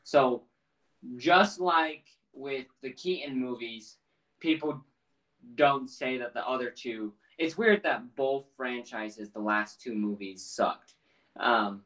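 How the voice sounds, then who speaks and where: A man co-hosting a casual podcast chat, running through a story in a loose, meandering way. His voice sits at a middling pitch. He sounds set back from the microphone, with a roomy echo around him. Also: a bit bright. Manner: loose, rambling plot recap with many fillers. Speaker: podcast co-host. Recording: roomy, distant mic.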